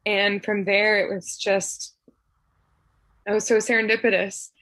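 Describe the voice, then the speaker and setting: A young woman from Tennessee sharing a heartfelt personal remembrance over a video call, soft and emotional, with frequent laughs and fillers. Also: mid-range voice, little pitch movement, slow pace, dry recording, poor audio. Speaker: memorial speaker.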